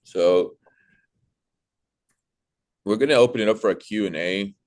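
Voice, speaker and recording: A young man giving casual sales coaching, animated, acting out sales calls in a bright put-on voice. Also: lowish voice, a little slow. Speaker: sales trainer.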